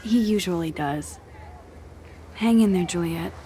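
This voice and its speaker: Woman playing a soft-spoken young student heroine. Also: on the low side, a little slow, slight background noise, natural voice. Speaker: game protagonist.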